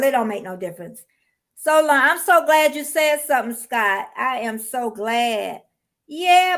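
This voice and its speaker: A woman's voice: high-pitched, no room sound. A woman casually chatting with viewers on a livestream, greeting them by name as she talks. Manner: chatty, greets viewers by name, warm Southern-style colloquial speech. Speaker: YouTuber hosting a livestream. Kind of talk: casual livestream chat reading viewer comments. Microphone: laptop or phone mic, then earphones.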